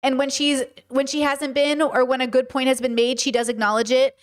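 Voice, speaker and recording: High-voiced Valley girl streamer. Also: flat delivery, a little fast. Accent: California Valley girl. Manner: talkative, frequent "okay?" and "you know?" tags; mimics other people's voices and mannerisms. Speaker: streamer and podcast host. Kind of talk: livestream monologue, reading chat aloud.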